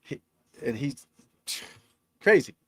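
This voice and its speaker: A man's voice: takes it slowly, fairly bright tone, no echo. A middle-aged man, a golf instructor, chatting on a live stream, reading out scores and talking to viewers in a rambling, talkative way.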